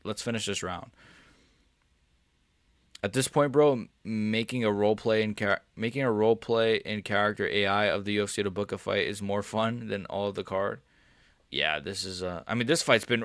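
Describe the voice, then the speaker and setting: Excitable young man streaming fight reactions. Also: fairly low pitch, normal speed, no room sound, studio quality. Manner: excitable, swings from mumbling to yelling, swears and laughs often. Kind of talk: live-stream reaction chat.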